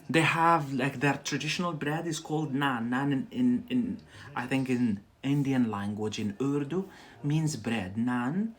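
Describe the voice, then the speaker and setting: Man, Scottish-influenced accent, unhurried pace, casual livestream teacher, repeats key words, lots of fillers. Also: mid-range voice. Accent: Scottish-influenced English. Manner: loose and chatty, many fillers and repeated words; talks to viewers directly and stretches out key words. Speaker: online English teacher.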